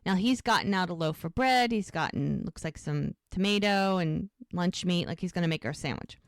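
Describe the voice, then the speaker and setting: A woman's voice: on the low side, brisk, dry recording, studio quality. A woman co-hosting a podcast, chatting casually as she recaps a TV episode scene by scene and acts out the characters' lines. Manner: animated retelling with acted character quotes. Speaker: podcast co-host.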